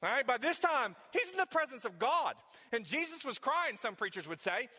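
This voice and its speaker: Lively high-voiced preaching man, reverberant hall. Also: normal speed, few pauses, husky. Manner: emphatic, conversational preaching with direct questions to the congregation. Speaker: pastor. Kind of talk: sermon.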